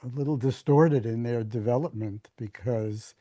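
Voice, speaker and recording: An older man with a dark, mellow voice answers thoughtfully as a spiritual teacher. He speaks slowly and haltingly, repeating words as he searches, with a touch of dry humor. The sound is close and completely dry. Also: mid-range voice, no echo. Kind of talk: reflective conversational answers.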